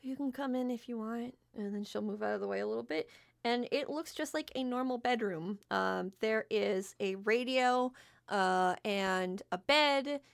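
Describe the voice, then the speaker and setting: A woman's voice: medium pitch, gravelly. A woman narrating as game master in a casual, filler-heavy way, with occasional swearing.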